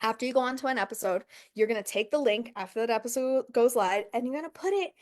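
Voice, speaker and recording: A punchy woman business coach swears her way through a motivational talk, aimed straight at her viewers. Her voice sits a touch high, and she keeps the energy up with rhetorical questions and quick "okay"s and "right"s. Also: a little mellow. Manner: profane, emphatic, talks straight to the viewer.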